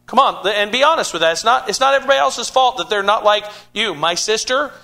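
A man preaching a sermon in a high, bright voice. He stammers and restarts phrases often, building an emphatic cadence as he drives each point home. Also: animated, quick pace, gravelly. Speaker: pastor.

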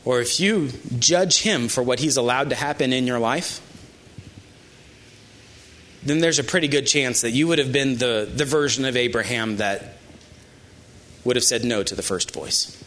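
A male pastor preaching a sermon in an animated, emphatic way with asides to the congregation. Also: medium pitch, moderate pace, pauses often.

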